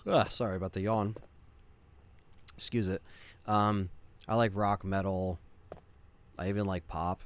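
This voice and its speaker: A man chatting casually while streaming a game live, excitable and quick to swear. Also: lowish voice. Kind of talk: casual live gameplay chat.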